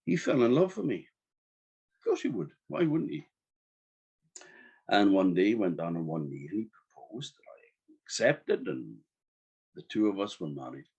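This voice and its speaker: Orkney storyteller guy, husky voice, swings up and down a lot, chatty asides, muffled lo-fi sound. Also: lowish voice, normal speed, long pauses. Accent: Orcadian. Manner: lively, conversational, wry asides to the audience. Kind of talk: live first-person folktale telling. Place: evening storytelling event. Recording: dull lo-fi recording.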